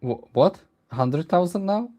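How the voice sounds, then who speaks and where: A man co-hosting a casual political chat, talking excitably and indignantly, full of "like" and restarts. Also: high-pitched, a little slow, muffled recording. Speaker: co-host.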